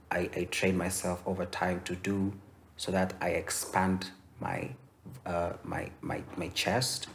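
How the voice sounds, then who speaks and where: A young man from Kenya teaching voice-over in a relaxed, explanatory way, with many fillers and restarts. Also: sits low, a little hiss or hum. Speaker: voice-over coach. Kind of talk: instructional masterclass.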